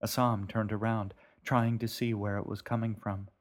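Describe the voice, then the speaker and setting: A man reading his own novel aloud as narrator, in a calm, measured way. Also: fairly low pitch. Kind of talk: audiobook narration.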